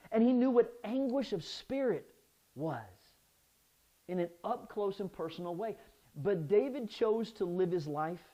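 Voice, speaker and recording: A man's voice: sits high, warm tone, lo-fi sound. A man preaching a sermon as pastor, often restarting his phrases and asking the listeners "right?".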